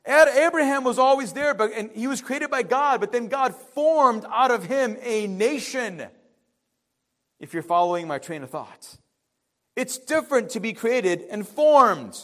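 High-voiced male pastor preaching. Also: animated, a bit bright. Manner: conversational preaching with dramatic pauses and acted quotes. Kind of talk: sermon.

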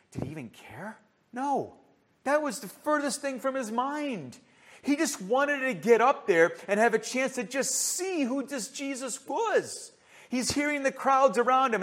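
A man preaching a sermon with passion, asking rhetorical questions and swinging between loud emphasis and hushed asides. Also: high-pitched.

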